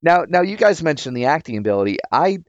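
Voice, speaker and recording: A man's voice: on the high side, sing-song, quick pace, no echo. A man chatting casually about a film in a wry, dismissive way, full of "like" and "you know". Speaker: podcast co-host. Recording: dull lo-fi dry sound.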